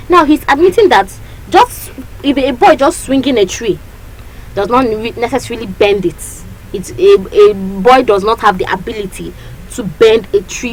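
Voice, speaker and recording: A woman teaching a literature lesson, lively and repetitive, often checking that her students understand. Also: fairly high pitch, a little hiss or hum, poor audio.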